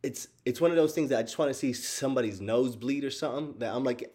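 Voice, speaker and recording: A man in casual chat with his viewers, animated and profane, laughing often and calling them y'all. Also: medium pitch, fast talker. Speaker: streamer talking to chat.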